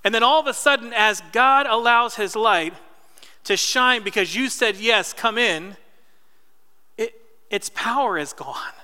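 Male preacher, thirties, from New Jersey; chatty sermon, crisp and resonant, live church hall reverb. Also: very high voice, unhurried, pushed and bright. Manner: conversational storytelling with asides to the congregation. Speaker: pastor.

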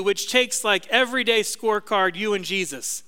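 A man's voice: high voice, normal speed, hardly any pauses, sharp tone, smooth, big-room sound. A middle-aged man, a pastor, preaching a sermon in a conversational, self-deprecating storytelling way.

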